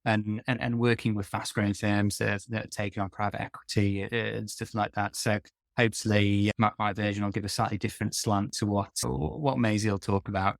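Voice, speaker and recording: Man, podcast guest, hesitant, monotone, dry recording. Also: on the low side, a little fast, gravelly, few pauses, no echo. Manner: hesitant, repeats words. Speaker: recruitment guest. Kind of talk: casual podcast chat.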